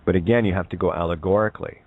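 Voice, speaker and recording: A man's voice: low-pitched, fairly even intonation, racing, husky, no echo. A man giving a casual spiritual talk on a call-in show, rambling with many fillers and checking in with "right?". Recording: tinny phone line, dry.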